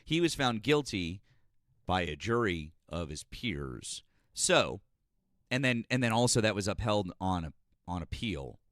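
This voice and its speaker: A low-pitched man hosts a call-in politics stream, needling callers and cutting them off to argue. His voice sits close and dry, with no room around it. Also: very animated, measured pace, fairly bright tone, dry recording. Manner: combative, mocking, interrupts callers. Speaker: host.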